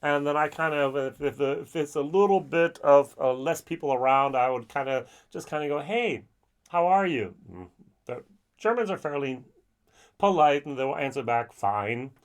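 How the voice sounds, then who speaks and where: In a chatty, animated whiskey review, a man with a slightly high, clean voice talks casually. He acts out the people he meets using quick little voices.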